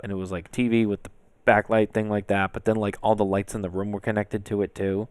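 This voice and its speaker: A man's voice: on the low side, flat delivery, brisk, darkish tone, smooth, no echo. A man co-hosting a casual podcast, chatty and emphatic, rambling through stories. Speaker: podcast co-host. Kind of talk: casual chat.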